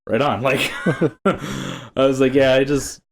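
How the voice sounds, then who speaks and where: A young man from Texas talks in a loose, rambling way, trailing into fillers and little chuckles as he tells a story. His pitch sits in an ordinary middle range for a man. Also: flat delivery, takes it slowly, vocal fry. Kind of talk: casual chat.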